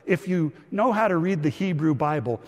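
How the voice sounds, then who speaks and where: A man's voice: on the high side, lively intonation, moderate pace, a little mellow. A middle-aged man preaching a sermon, telling a family story and calling the listeners friends. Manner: storytelling, acts out a child's voice in quotes, addresses listeners as friends. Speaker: pastor. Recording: reverberant church hall.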